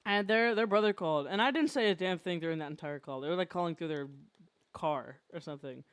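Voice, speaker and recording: A streamer chatting casually while drawing, telling animated stories and laughing often. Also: mid-range voice, quick pace, smooth, dry recording.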